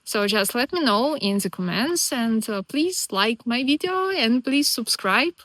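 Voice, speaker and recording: Bright-voiced woman vlogging, earnest and chatty. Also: a little high, animated, unhurried, dry recording. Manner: non-native English phrasing. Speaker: vlogger living in Scotland as a foreigner. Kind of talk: casual talk to camera.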